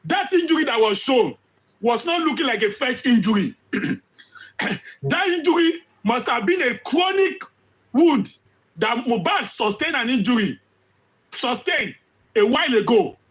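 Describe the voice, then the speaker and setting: A man giving impassioned commentary, hoarse from losing his voice, firing off rhetorical questions and repeating phrases for emphasis. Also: very high voice, sing-song, a little slow, pauses often, a bit bright, rough recording. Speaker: social commentator.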